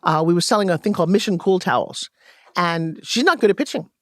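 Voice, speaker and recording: A woman guest and sales coach, telling stories in an animated way and acting out quoted dialogue in a podcast interview. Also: lowish voice, fast talker, dry recording, clean studio sound.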